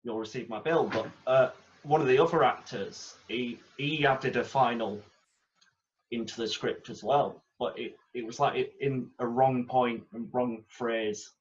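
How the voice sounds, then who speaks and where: A man, a podcast guest, telling relaxed theatre anecdotes with chuckles. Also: medium pitch, a little slow, dull audio. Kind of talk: casual chat.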